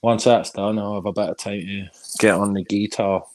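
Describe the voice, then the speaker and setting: A man's voice: on the low side, flat delivery, moderate pace, darkish tone, no room sound. A man with a Scottish accent, chatting casually as a guest, laid-back and friendly. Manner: laid-back, friendly, calls people mate. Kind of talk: casual chat.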